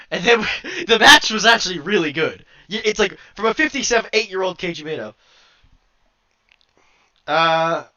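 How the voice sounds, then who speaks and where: A male podcast co-host with a high-pitched, pushed, bright voice rambles through a wrestling review in casual chat. He laughs often, swears, and gets worked up, all on dull lo-fi sound.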